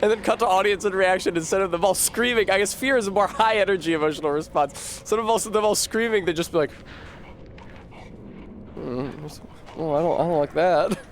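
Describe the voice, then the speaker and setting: A man's voice: high voice, quick pace, hardly any pauses, fairly bright tone, a little hiss or hum. A man streaming a game, commenting casually with sarcastic, rambling asides and frequent swearing.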